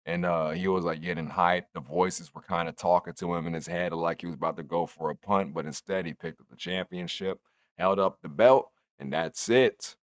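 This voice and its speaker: A man's voice: sits low, moderate pace, no room sound. A man in his twenties giving a rambling, profane, casual recap of a wrestling show. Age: 20s. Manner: rambling, profane, laid-back.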